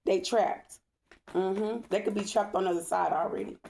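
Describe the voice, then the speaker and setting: Reading tarot in a spiritual vlog, a woman speaks with a mid-range, creaky, mellow voice, a steady tone, and a moderate pace against slight background noise. She's emphatic and blunt, swears without holding back, and keeps checking in with "okay?"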